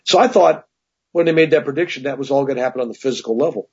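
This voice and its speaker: A man's voice: medium pitch, very fast, slightly rough. A man casually telling a personal story as an interview guest, rambling, with many restarts and asides. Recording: dull lo-fi recording.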